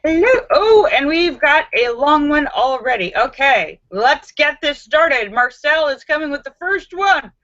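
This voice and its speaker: Slow-talking bright-voiced woman streamer. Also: high voice, animated, lo-fi sound. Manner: chatty, greets viewers by name. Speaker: live stream host. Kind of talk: live stream chat, reading viewers' jokes.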